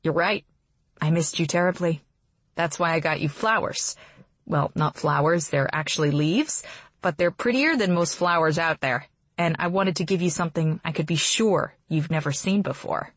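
A woman's voice: low-pitched, normal speed, breathy edge, no room sound. A woman reading a storybook aloud, voicing a charming, teasing young man who is courting the narrator.

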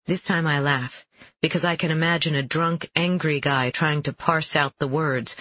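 Brief: male audiobook narrator, somewhat high, husky, measured first-person reading, dull lo-fi sound. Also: fairly even intonation, pushed and bright, no echo. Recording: dull lo-fi dry recording.

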